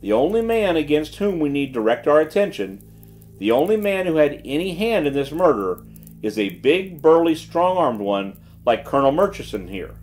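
A man voicing a shrewd gentleman detective who speaks quietly and with calm assurance. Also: a little high, soft background music, pitched above the performer's own voice. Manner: quiet, measured, self-assured.

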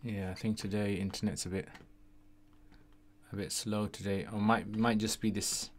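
A man's voice: lowish voice, flat delivery, normal speed, slight background noise. A man hosting a casual livestream Q&A, chatty and often tagging his sentences with "yeah?". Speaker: livestream host answering questions.

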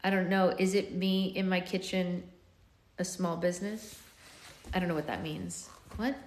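A woman with a fairly low voice hosts a live book club, reading a novel aloud between quiet, offhand asides to viewers. Her phone picks her up in an echoey room. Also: moderate pace, a little hiss or hum. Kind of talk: live-streamed read-aloud with chatty asides.

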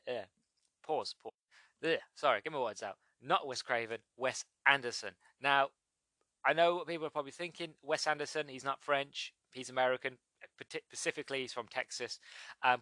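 A British man hosting his own podcast in an easygoing, rambling way, often stopping to fix his words. His voice is bright and forward. The sound is dry and close to the mic. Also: mid-range voice, no room sound. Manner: rambling, self-correcting, chuckles at himself. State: recovering from a cold. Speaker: podcast host. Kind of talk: casual solo podcast chat.

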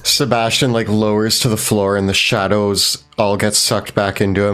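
A man playing a tabletop game, describing his character in a lively, playful way. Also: fairly low pitch, moderate pace, few pauses, smooth, soft background music. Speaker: player. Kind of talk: tabletop role-play.

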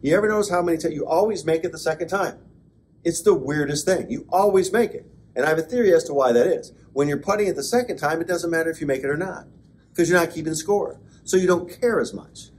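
A man, a pastor, giving a conversational Bible class lecture, with joking asides and bursts of excited emphasis. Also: fairly high pitch, fast talker, slight background noise. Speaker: pastor teaching an adult class. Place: church classroom.

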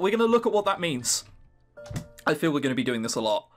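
A man's voice: fairly high pitch, very animated, quick pace, pauses often, soft background music. A man commenting on a visual novel as he plays, sarcastic and joking, swearing casually. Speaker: gaming YouTuber.

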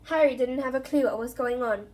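A woman reads a novel aloud in a steady storytelling voice that sits fairly high. She keeps a plain, even pace, with a few slips along the way. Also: a little fast. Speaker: reader.

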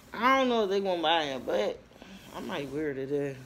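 A woman in her twenties talking casually to her viewers, telling her story with lively bursts and lots of fillers and pauses. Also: low-pitched, slight background noise. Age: 20s. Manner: chatty, animated storytelling, addresses viewers as y'all; frequent fillers and trailing pauses. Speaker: vlogger. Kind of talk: casual talk to camera.

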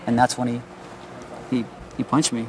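An older man recounting to a detective how a neighbor attacked him, halting and repeating words as he quotes what others said. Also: medium pitch, monotone, vocal fry, darkish tone, slight background noise, poor audio. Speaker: assault victim. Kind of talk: recounting events to police. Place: outdoors on a residential street.

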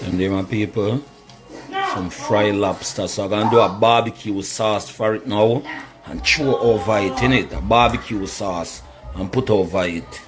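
A man's voice: lowish voice, noisy background. A man demonstrating home cooking, chatting to his viewers and calling them "my people" throughout. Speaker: cooking vlogger. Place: home kitchen.

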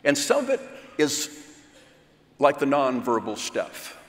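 A man giving a seminar talk at a church conference, speaking slowly and with self-deprecating humor. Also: medium pitch, wildly swooping pitch. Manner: slow, unhurried delivery; self-deprecating, chuckles between points. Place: large hall at a church conference. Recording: echoey hall with long reverb.

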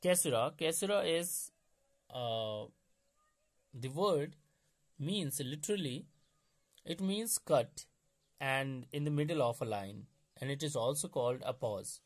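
Slow, methodical tutor, male. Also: medium pitch, lively intonation. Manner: methodical, repeats key points slowly. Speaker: exam-prep tutor. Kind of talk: explanatory lecture.

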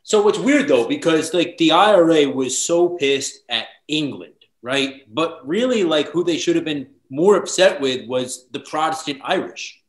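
A man's voice: on the high side, lively intonation, a little slow, hardly any pauses. A man hosting a podcast, asking plain, curious questions in casual chat. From United States. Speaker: podcast host. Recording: roomy echo.

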